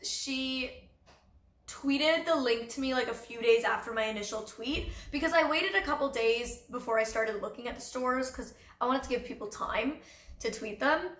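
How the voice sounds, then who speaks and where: Casual vlogger, Canadian woman, 20s; high, bright and chatty; echoey room recording. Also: moderate pace. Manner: bubbly, chatty, fashion-loving, many "like" fillers. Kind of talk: casual chat.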